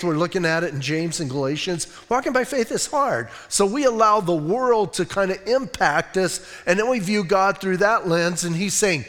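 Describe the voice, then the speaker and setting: Preaching in a church sanctuary with a big-room sound, a middle-aged pastor delivers a casual, conversational sermon in a high-pitched, fairly bright voice. His style is folksy, full of fillers and restarts.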